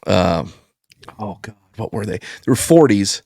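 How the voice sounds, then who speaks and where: A man telling a rambling, profane story in casual podcast chat, getting animated when he quotes people. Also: fairly low pitch, unhurried, vocal fry, no room sound, studio quality. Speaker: podcast guest.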